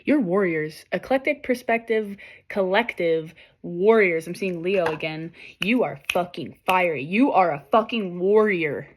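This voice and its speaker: A young woman reads tarot cards for her viewers in a loose, animated way. She swears freely and speaks straight to the people watching, pushing them to go after their purpose. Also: on the low side, a little slow. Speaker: tarot reader. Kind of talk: casual tarot reading to camera.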